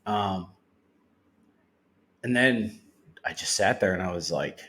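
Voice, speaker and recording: Deep-voiced man telling a candid story. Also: slow, pauses often, a bit bright. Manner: candid, swears freely, retells talk in quotes. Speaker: podcast guest. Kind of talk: personal recovery testimony.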